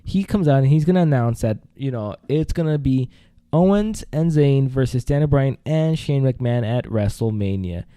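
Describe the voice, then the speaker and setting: A man co-hosting a podcast in casual chat, talking excitedly and breaking into quick laughs. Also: mid-range voice, no room sound. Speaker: podcast co-host.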